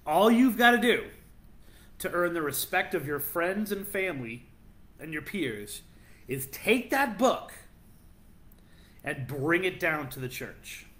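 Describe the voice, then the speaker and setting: Bright, animated male podcast host. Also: fairly high pitch, takes it slowly, long pauses. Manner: animated storyteller, playful and teasing. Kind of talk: casual chat, telling legends.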